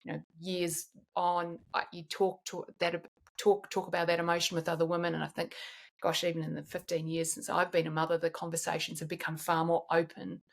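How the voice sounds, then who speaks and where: A woman's voice: fairly low pitch, little pitch movement, fairly quick, creaky. Reflective woman in her forties. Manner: reflective, searching for words with frequent restarts. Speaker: guest. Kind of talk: candid podcast conversation.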